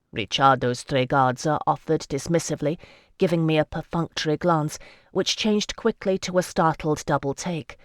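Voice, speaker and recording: Audiobook narrator, middling pitch, calm even read, dry close mic. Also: normal speed, no echo. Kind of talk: scripted fantasy narration.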